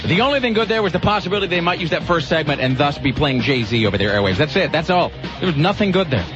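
A man's voice: on the high side, expressive, over music. A man hosting a talk radio show, rambling and mocking himself in casual banter. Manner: rambling, self-mocking, quick restarts. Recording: dull lo-fi radio audio.

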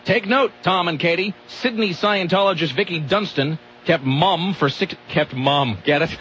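A man's voice: high-pitched, moderate pace, fairly bright tone. A man hosting a radio show, reading news stories aloud with sarcastic, mocking asides. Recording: muffled radio sound with faint noise.

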